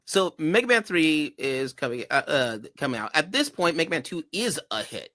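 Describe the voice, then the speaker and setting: A man's voice: fairly high pitch, big pitch swings, moderate pace, bright, forceful tone, dry recording. A man hosting a casual gaming podcast, retelling game history with frequent laughter and rambling asides. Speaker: podcast host. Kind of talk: casual chat.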